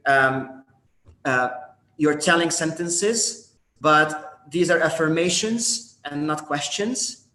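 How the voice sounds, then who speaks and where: A man's voice: a little high, slow pace, bright, forceful tone. A man co-teaching a workshop, explaining in a conversational way with fillers. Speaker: workshop instructor. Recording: echoey room.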